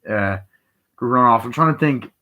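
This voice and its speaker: A man's voice: mid-range voice, a little slow, pushed and bright, low-quality recording. A man giving a casual spoken film review, rambling with lots of fillers and casual swearing. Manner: rambling, swears freely, retells scenes with heavy fillers. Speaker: movie reviewer.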